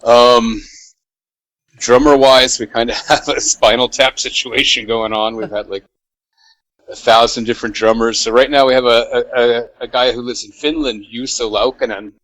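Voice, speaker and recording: A man with an American accent talks through an interview at an easy, rambling pace, dropping fillers and laughing now and then. His voice sits at a middle pitch for a man. The recording is dry and close, with no room around it. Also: fairly even intonation, normal speed, a bit bright, no room sound, rough recording. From United States. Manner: laid-back, laughs often, many fillers. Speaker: musician guest. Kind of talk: casual interview chat.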